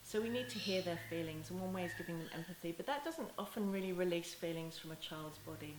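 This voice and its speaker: A woman with a lowish voice explains parenting in a gentle, unhurried way, often breaking off and restarting her sentences. She slips into soft, tender lines as if speaking to a child. The room is echoey, with a faint hiss under her voice. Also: expressive. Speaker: parenting educator. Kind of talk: talking-head teaching video.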